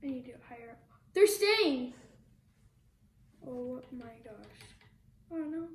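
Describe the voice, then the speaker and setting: A female vlogger chatting casually and excitedly as she unboxes small toys, gasping and gushing. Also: high voice, unhurried, roomy sound, a little hiss or hum.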